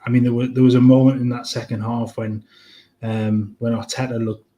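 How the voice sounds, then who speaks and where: A man co-hosting a podcast, giving measured, thoughtful analysis with frequent restarts. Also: mid-range voice, flat delivery, mellow, highs cut off. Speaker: podcast co-host. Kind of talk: casual match reaction chat.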